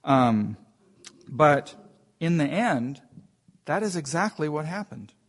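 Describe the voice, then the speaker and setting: A man's voice: on the high side, very animated, slow pace. Man teaching scripture, thinking aloud. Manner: informal, thinking aloud with frequent restarts. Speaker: Bible teacher. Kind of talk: conversational Bible teaching.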